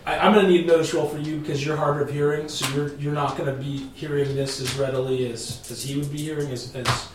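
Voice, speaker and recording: A man's voice: a little high, steady tone, fast, hardly any pauses, a little hiss or hum. A man narrating as game master in a chatty way, laughing often and restarting sentences. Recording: echoey room, mic far off.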